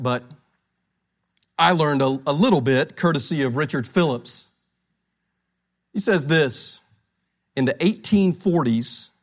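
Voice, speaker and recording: A man preaching a sermon to a congregation, repeating key phrases with emphasis and putting questions to his listeners. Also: mid-range voice. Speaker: pastor.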